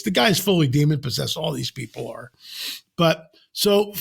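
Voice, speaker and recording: Emphatic older man, higher voice. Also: normal speed, vocal fry, slightly rough. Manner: emphatic, animated storytelling with sudden exclamations. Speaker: podcast guest, author. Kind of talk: casual podcast conversation.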